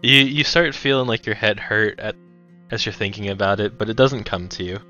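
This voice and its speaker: A man's voice: fairly low pitch, a little fast, sharp tone, lo-fi sound, soft background music. A man running a tabletop horror game as game master, teasing the players and laughing often.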